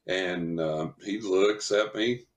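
A man, a psychic medium guest on a podcast, telling a story in an animated way and laughing as he talks. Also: low voice, takes it slowly, highs cut off. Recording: roomy echo.

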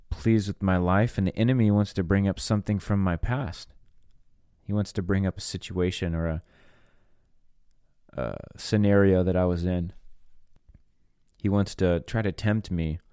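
A man's voice: low voice, a little mellow, clear, resonant tone, no echo, studio quality. A man hosting a solo podcast, teaching in an earnest preaching manner and stressing key words one at a time. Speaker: podcast host and minister.

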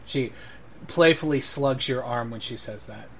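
A man's voice: mid-range voice, normal speed, a little hiss or hum. A man running a tabletop game as game master, describing scenes at length with hesitant fillers.

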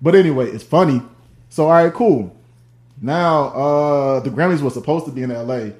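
A man's voice: fairly high pitch, moderate pace, a little mellow. A young man with a Chicago accent telling stories in casual podcast chat, laughing often and mimicking voices. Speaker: podcast guest, percussionist.

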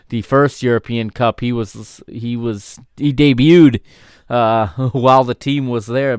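A man's voice: medium pitch, clean tone, no room sound, studio quality. A man hosting a podcast, giving chatty, easygoing watchalong commentary on an old football match and correcting himself as he goes. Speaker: podcast host.

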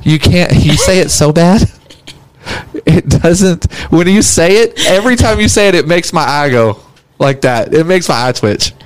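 A man's voice: a little high, animated, clean tone, dry recording. A man hosting a casual interview, easygoing and teasing his guest. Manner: easygoing, teasing, drawn-out "yeah" replies. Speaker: podcast host.

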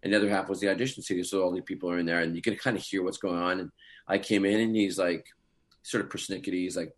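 Speaking deep and quick, a male actor wanders through stories full of fillers during a casual interview. His parents gave him his Scottish heritage.

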